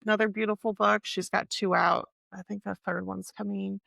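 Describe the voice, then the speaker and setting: A woman's voice: medium pitch, little pitch movement, moderate pace, vocal fry, pushed and bright, no room sound. A woman co-hosting a podcast, talking casually about books, stopping often to search for the right word. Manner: chatty, searches for words, many fillers. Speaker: podcast co-host. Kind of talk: casual book chat.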